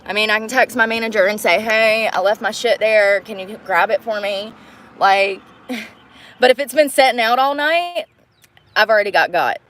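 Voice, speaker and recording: A woman's voice: mid-range voice, a bit bright, a little hiss or hum. A young woman ranting in a casual livestream, frustrated and swearing as she rambles.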